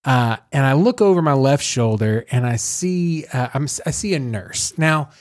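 A male podcast host telling a story in a casual way, animated, laughing and making joking asides. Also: mid-range voice, normal speed, dry recording, clean studio sound.

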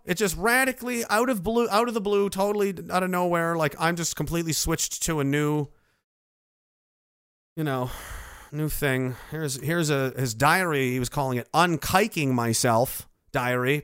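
A man's voice: medium pitch, a bit bright, clear, resonant tone, no room sound, studio quality. A man streaming casually, reading out chat messages with a sarcastic, rambling manner. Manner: sarcastic, rambling, many fillers.

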